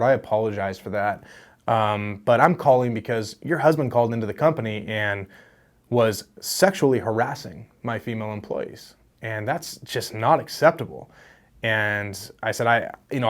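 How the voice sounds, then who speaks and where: A young man hosting a casual advice vlog on real estate wholesaling, talking to camera in a friendly, storytelling way. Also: fairly low pitch. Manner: friendly, storytelling, animated with laughs.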